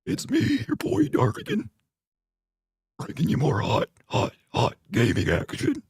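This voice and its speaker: A man voicing a strained, wheezy character who talks while sucking in air, with a high, breathy rasp. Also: huge pitch swings, measured pace, darkish tone, no echo, studio quality, heavily acted. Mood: mock-cheerful. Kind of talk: comic put-on voice on a game stream.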